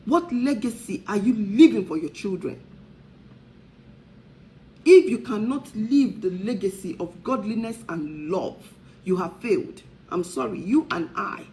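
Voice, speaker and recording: A woman's voice: mid-range voice, expressive, a little slow, poor audio. Woman, talk show host, preaching style, repeated rhetorical questions.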